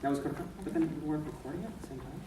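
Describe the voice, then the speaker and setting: A man voice actor telling animated, laughing stories to a convention panel audience. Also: fairly high pitch, racing, a little hiss or hum. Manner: laughing, acts out voices mid-story. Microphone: far from the mic. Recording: echoey room from far off.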